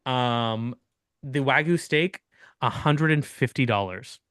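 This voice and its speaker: Brief: young male podcast host, smooth clear voice, dry close mic, animated storyteller. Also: medium pitch, takes it slowly, dry recording. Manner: animated, laughing storyteller with restarts. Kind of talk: casual storytelling chat.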